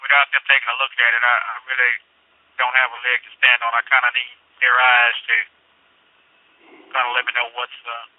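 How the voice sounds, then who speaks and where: Customer service man on a phone line, flat and hesitant, stammers through the same answer again and again; tinny and dry. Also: mid-range voice, fairly quick, no room sound. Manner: hesitant, repeats himself, stammers. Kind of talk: phone call.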